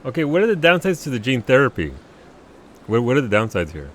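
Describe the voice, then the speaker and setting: Streaming a game live, a man chats casually with his viewers in a fast, mid-range voice, laughing a lot and stumbling into restarts of his sentences. Slight background noise can be heard.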